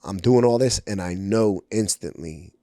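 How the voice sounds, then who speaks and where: Speaking at a measured pace, this middle-aged guest from Brooklyn, New York, shares his life story on a podcast with frank honesty, frequent ums, and performed quotes. The voice sits on the low side with a dark tone, and the studio recording is clean and dry.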